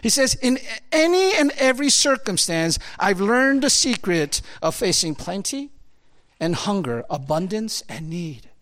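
A man preaching a sermon in a conversational, animated way, full of fillers and acted-out asides. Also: sits high, measured pace.

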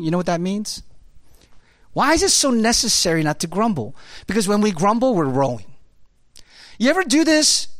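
Animated preacher firing rhetorical questions. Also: mid-range voice, no echo. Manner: emphatic, rapid-fire rhetorical questions; conversational, repeats key phrases. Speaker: pastor. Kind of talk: sermon.

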